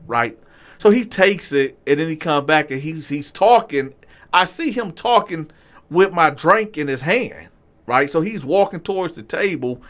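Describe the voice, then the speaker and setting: Animated man telling a street story. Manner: animated, slangy, swings from low asides to loud outbursts. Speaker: channel host telling his own story. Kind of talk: casual storytelling to viewers.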